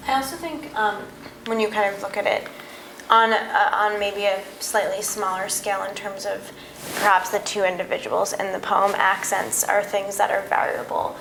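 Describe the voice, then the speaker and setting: A woman's voice: medium pitch, fairly even intonation, normal speed, gravelly. A woman in a seminar, offering a tentative, hedging point. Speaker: seminar participant. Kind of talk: discussion contribution. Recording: roomy room sound, background noise.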